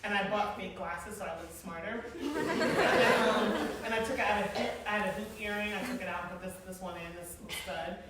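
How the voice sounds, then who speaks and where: A woman in her forties telling stories to an audience in a casual, animated way, laughing often and using many fillers. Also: mid-range voice, moderate pace, over a noisy crowd. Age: 40s. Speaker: guest speaker, former event planner. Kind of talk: casual storytelling talk to an audience. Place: large echoey hall. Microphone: far from the mic. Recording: echoey hall, distant mic, faint noise.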